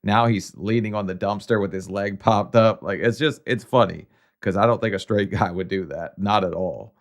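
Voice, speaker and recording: Brief: male reaction host, low gravelly voice, blunt teasing asides. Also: normal speed. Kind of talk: casual commentary.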